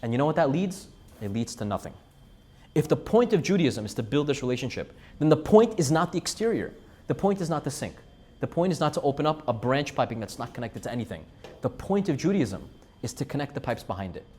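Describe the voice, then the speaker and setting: A man giving an animated, emphatic sermon and repeating phrases for effect. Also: mid-range voice, brisk. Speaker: Jewish speaker. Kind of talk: storytelling sermon.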